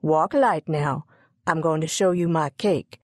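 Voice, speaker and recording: A woman's voice: low voice, measured pace, dry recording, studio quality. Woman doing a bossy old woman cook.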